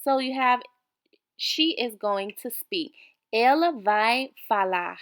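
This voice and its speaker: A woman teaching an online beginner language lesson, patiently repeating each word slowly for the learners. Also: on the high side, expressive, fairly bright tone. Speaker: language tutor.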